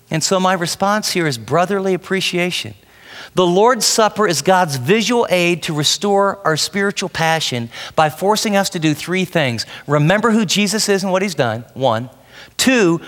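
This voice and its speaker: Guy preaching, keeps asking the room questions, high-ish voice, big echoey church. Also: a bit bright. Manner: emphatic, asks the listeners questions. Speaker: pastor. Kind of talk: sermon.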